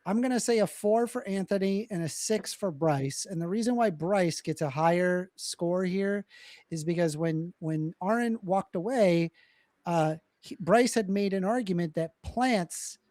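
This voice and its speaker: A woman's voice: lowish voice, measured pace, a little mellow, no echo, studio quality. A woman debater on a live stream, explaining her points with hesitant restarts and blunt dismissals.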